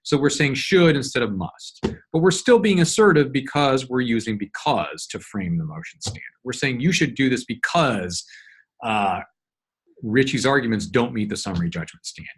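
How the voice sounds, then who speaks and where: A man teaching law in a recorded lecture, walking through a document in a measured, explanatory way with frequent fillers and restarts. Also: medium pitch, expressive, breathy edge. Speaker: law instructor. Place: solo screen-recorded lecture.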